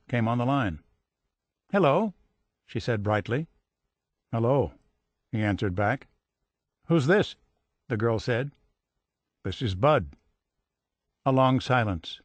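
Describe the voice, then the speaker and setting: A man reading a history audiobook in measured scripted narration, lifting his voice for quoted dialogue. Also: mid-range voice, a bit bright, no echo. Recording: dry studio voice-over.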